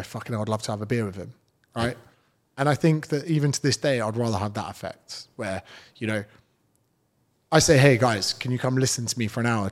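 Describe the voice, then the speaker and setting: A British man, a fitness trainer, telling stories as a guest in a casual podcast interview, blunt and swearing freely. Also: mid-range voice.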